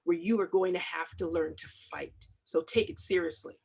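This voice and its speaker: A woman's voice: on the low side, fairly even intonation, normal speed, vocal fry, darkish tone, slightly rough. A middle-aged woman, a comics artist, talking in an interview with impassioned, emphatic stress and repeated phrases. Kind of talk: video call interview.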